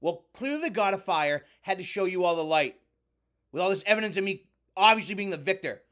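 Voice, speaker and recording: A man's voice: high-pitched, expressive, a little fast, fairly bright tone. A man playing a brash wrestler who calls himself the god of fire, delivering a blustering, indignant heel promo.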